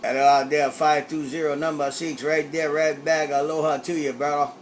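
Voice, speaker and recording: A man's voice: a little high, level tone, moderate pace. A man chatting playfully on CB radio, tossing in a quacking catchphrase. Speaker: CB radio operator. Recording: CB radio with light static.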